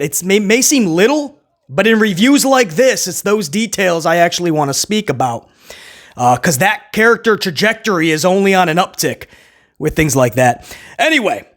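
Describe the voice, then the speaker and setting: A man's voice: high voice, a bit bright. A man hosting a casual solo wrestling review, hyped and slangy, talking straight to his viewers and laughing often.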